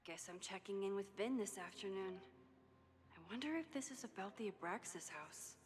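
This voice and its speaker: A woman's voice: mid-range voice, animated, moderate pace, a little hiss or hum, lightly acted. Max: a woman voicing a reflective young woman. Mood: tired. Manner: quiet, reflective inner monologue. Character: weary young woman photographer, thoughtful. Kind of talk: game voice acting. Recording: game audio with long reverb and music.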